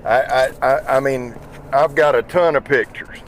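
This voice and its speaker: Driving his pickup truck, a weary YouTube knife channel host with a Southern accent rambles through a casual vlog chat, folksy and freely profane. His voice sits at medium pitch and normal speed, recorded on a small truck mic with slight background noise.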